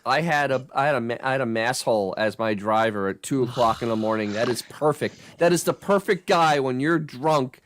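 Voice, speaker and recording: A man's voice: medium pitch, brisk, few pauses, fairly bright tone, a little hiss or hum. A man co-hosting a podcast, telling loose, rambling stories in casual chat. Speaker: podcast co-host.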